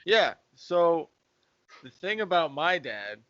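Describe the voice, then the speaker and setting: A man, co-hosting a podcast and telling a rambling, halting story. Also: a little high, very animated, fairly bright tone, no room sound. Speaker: podcast co-host. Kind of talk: casual chat. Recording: dry dull lo-fi podcast audio.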